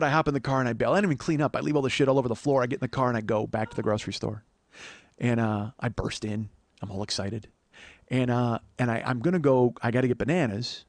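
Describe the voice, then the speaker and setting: A fast-talking man with a medium-pitched voice delivers a lengthy, profane comic tale on a podcast. He animates both halves of a conversation and keeps breaking into laughter.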